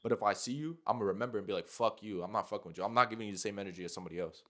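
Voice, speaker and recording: A man's voice: fairly low pitch, very fast, sharp tone. A man hosting a casual podcast chat, talking loosely with lots of slang, cursing and "like" fillers. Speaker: podcast host.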